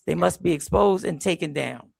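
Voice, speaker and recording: A man with a high, very gravelly voice hosts a live talk stream. He talks in a heated, emphatic way and often repeats himself. The sound is dry and close. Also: moderate pace, dry recording. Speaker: show host. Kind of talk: casual live-stream commentary.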